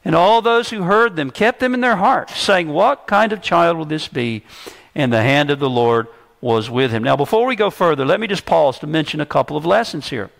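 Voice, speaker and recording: A man's voice: fairly high pitch, lively intonation, normal speed, vocal fry, fairly bright tone. A man preaching an expository sermon to a church congregation, stressing key words with emphasis. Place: church service.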